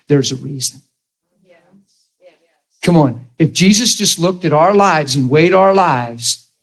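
A man's voice: fairly high pitch, rough recording. A man teaching a ministry class in a blunt, conversational way, often acting out the people he quotes. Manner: animated, blunt, acts out quoted voices.

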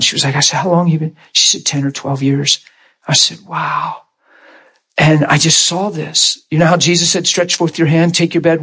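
A man preaching a sermon, telling stories in an animated way and jumping up in pitch when he acts them out. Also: breathy edge. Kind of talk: storytelling sermon.

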